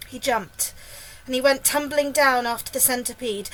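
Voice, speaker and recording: A woman reading a children's book aloud, lively and expressive, getting louder and higher for the characters' lines. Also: normal speed, rough recording. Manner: lively, raising pitch and volume for dialogue. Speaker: storybook reader.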